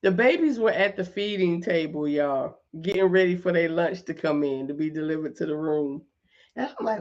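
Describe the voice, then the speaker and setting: A middle-aged woman hosting a casual live chat with her viewers, talking in an animated way, repeating points for emphasis and laughing often. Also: lowish voice, moderate pace, highs cut off. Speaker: host.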